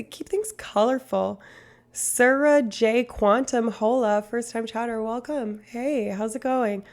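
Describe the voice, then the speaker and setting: A woman in her twenties chatting casually on a livestream in a put-on Australian accent that slips at times. She is self-mocking, laughs often and swears freely. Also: fairly high pitch. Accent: put-on Australian, slipping at times. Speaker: streamer.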